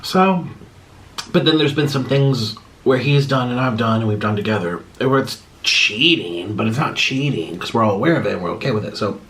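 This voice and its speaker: A young man chatting casually on his vlog while eating spicy food, his mouth burning, clearing his throat often and rambling through viewer questions. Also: mid-range voice, lively intonation, moderate pace, a bit bright, low-quality recording. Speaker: vlogger.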